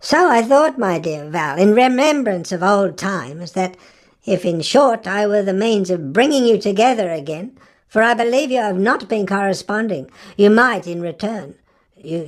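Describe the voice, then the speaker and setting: Woman doing an ingratiating society lady, crawling and hesitant, pitched well up, audiobook figure. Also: lively intonation, moderate pace, close to an everyday voice. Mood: wheedling. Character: fawning, wheedling society woman on telephone.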